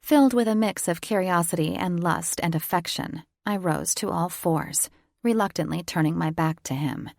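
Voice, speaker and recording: A woman reads a first-person romance audiobook with an intimate, teasing delivery. Her voice sits a little low, with a gravelly fry at the edges. The recording is close and dry. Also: moderate pace, darkish tone, dry recording. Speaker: audiobook narrator.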